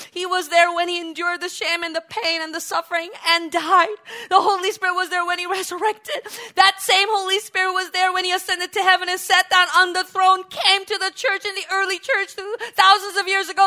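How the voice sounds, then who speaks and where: A woman preaching with great passion, her voice very high and bright. She drops to hushed murmurs, then surges into tearful, shouted exclamations. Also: level tone, a little fast. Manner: impassioned, swinging from hushed to shouting, sometimes tearful. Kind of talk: emotional sermon.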